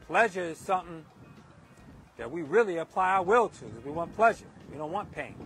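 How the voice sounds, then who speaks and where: High-voiced man preaching outdoors. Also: fairly bright tone. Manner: emphatic and repetitive, driving points home. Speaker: speaker giving a moral talk. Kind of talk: off-the-cuff preaching monologue. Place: outdoors in a windy park.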